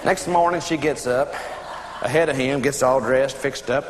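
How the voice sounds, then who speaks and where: A man's voice: medium pitch, normal speed. A man preaching a sermon, telling a humorous story in a folksy way with laughing asides, in an echoey room with audience noise.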